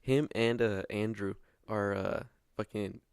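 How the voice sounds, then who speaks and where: Low-voiced young man, dry sound. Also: fairly even intonation, measured pace, creaky, a little mellow, clear, resonant tone, dry recording. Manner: laid-back, short replies, swears. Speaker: podcast guest. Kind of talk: casual chat.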